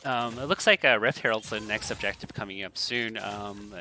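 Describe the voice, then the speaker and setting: Bright-voiced man doing color commentary. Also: on the low side, normal speed, soft background music. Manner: casual, chatty, many fillers. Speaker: esports co-caster.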